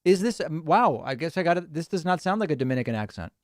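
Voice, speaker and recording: A male host running a live-stream show, reacting to callers with quick exclamations. His pitch sits a little high and swings widely. The sound is dry and close. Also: expressive, no room sound.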